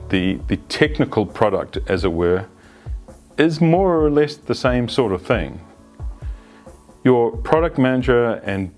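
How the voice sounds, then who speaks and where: A man gives an unscripted, conversational explanation as an agile coach, often restarting phrases and adding asides. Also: medium pitch. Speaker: agile coach presenting a video series. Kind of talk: unscripted instructional talk.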